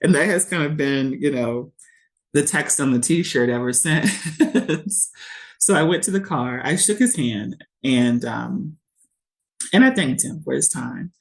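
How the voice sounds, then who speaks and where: A woman's voice: extremely low pitch, a little slow, gravelly. A woman, a podcast guest telling a personal story candidly and expressively, acting out what others said. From Shreveport, Louisiana. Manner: candid and expressive, quotes others in lively voices.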